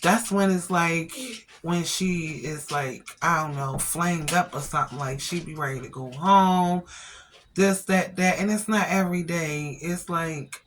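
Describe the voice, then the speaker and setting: A woman's voice: fairly low pitch, measured pace, a little hiss or hum. A woman vlogger chatting casually to her viewers, retelling her day with lots of quoted dialogue. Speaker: vlogger and family caregiver. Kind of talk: casual storytelling to camera.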